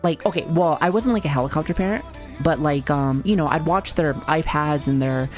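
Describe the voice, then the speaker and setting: A woman's voice: deep voice, fairly quick, faint music behind. A woman in her thirties streaming live, talking casually to her chat with lots of swearing and joking. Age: 30s. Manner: profane, joking, chatty with frequent laughs.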